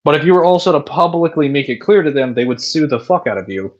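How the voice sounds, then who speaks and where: A man's voice: a little high, animated, fast talker, muffled recording. A man streaming a game, chatting casually and reading out viewer messages, swearing freely. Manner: chatty, profane, reads chat aloud while playing. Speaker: gaming streamer. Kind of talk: casual live-stream commentary.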